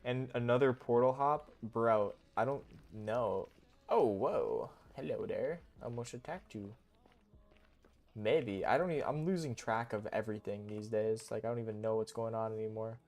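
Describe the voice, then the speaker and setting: A young man streaming a game, talking casually in a goofy, excitable, rambling way full of slang. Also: fairly low pitch, moderate pace. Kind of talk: casual live-stream commentary.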